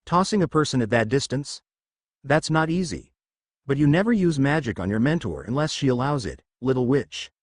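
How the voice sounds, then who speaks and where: A man's voice: mid-range voice, very animated, normal speed, no echo, studio quality. A man reading the lines of a scornful middle-aged witch woman with a slight Southern US accent, in a storybook reading. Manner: scornful, commanding.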